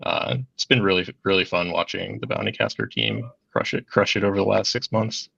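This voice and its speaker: A man speaking as a guest on a casual talk show, halting and full of fillers. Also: sits low, sing-song, creaky, fairly bright tone, no echo, lo-fi sound. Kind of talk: casual interview answer.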